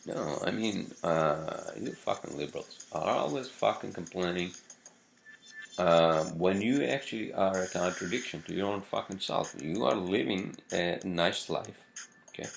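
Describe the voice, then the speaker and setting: A man's voice: sits low, normal speed, creaky. A man hosting a casual vlog, ranting profanely and rambling with many fillers. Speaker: vlog host.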